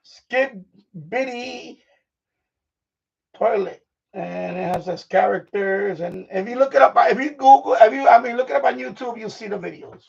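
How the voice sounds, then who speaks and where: Rambling breathless man, raspy, far from mic. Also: high voice, fairly quick, a little mellow. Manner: rambling, full of fillers and restarts. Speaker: live stream host. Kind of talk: rambling casual live stream chat. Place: home studio room, moving around while tidying. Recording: distant, dull lo-fi mic.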